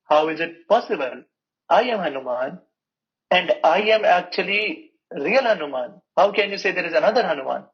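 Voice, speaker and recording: A man's voice: fairly high pitch, animated, moderate pace. Man doing a puzzled humble monkey god, raised voice, muffled lo-fi sound. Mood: protesting. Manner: puzzled, protesting. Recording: muffled lo-fi recording.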